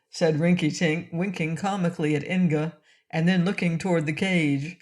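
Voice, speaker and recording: A woman narrating a classic children's audiobook in a gentle, clear reading style. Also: low voice, moderate pace. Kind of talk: storybook narration.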